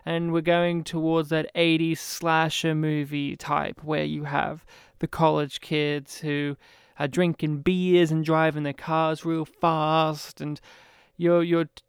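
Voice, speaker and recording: A man with a high, smooth voice, talking about a movie in a loose, rambling way. The sound is dry and close. He drifts between points and acts out the characters as he goes. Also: no room sound. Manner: animated, rambling, quick to mimic characters. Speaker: film podcast co-host. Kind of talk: casual film review chat.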